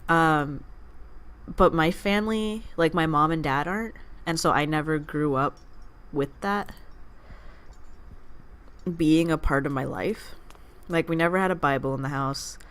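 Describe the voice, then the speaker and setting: Low-voiced woman rambling over gameplay. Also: measured pace, pauses often, fairly bright tone. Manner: rambling, distracted chatter with asides; playfully teasing the game character. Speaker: gaming channel host. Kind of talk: let's play commentary.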